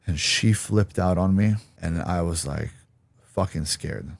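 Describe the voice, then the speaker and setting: A man's voice: deep voice, unhurried, gravelly, dry recording. A man giving an interview, telling a personal story bluntly and acting out the voices of people he quotes. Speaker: interview guest.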